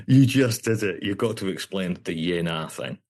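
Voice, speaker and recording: A man's voice: deep voice, expressive, moderate pace, darkish tone. A Scottish man hosting a podcast in casual chat, chatty and dry, laughing often at his own jokes. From Scotland. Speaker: podcast host.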